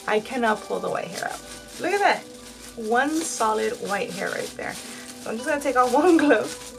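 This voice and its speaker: A woman's voice: a little high, lively intonation, moderate pace, creaky, a bit bright, soft background music, poor audio. A woman in her thirties chatting candidly to her viewers while she dyes her hair, fillers all through. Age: 30s. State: tearful at times. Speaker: vlogger. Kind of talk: casual chat while dyeing her hair.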